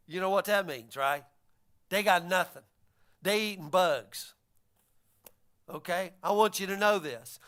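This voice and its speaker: A man's voice: sits high, takes it slowly, pauses often, a bit bright. A man preaching a sermon, retelling a story and acting out the voices of its figures. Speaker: pastor.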